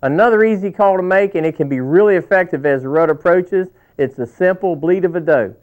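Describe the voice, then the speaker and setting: A man's voice: high-pitched, brisk. A man hosting an instructional video, presenting in a folksy scripted way and calling himself a cowboy. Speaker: video host. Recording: tinny, phone-like old VHS sound.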